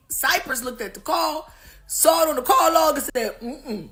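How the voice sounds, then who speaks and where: A woman hosting a livestream, telling a profane, animated story and acting out the voices, with laughs. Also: high voice, normal speed. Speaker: livestream host. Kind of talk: casual storytelling commentary.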